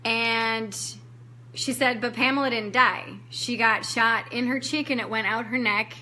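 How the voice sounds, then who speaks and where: A woman's voice: fairly high pitch, steady tone, unhurried, sharp tone. A woman coach telling a personal story in a training, candid and emotional, acting out her own past words and swearing casually. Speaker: life coach giving a training.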